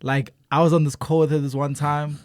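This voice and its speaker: A man's voice: on the high side, level tone, fairly quick, no echo, clean studio sound. A South African man co-hosting a podcast, chatting casually and telling stories with many fillers. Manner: laid-back, storytelling, many fillers. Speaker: podcast co-host. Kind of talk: casual chat.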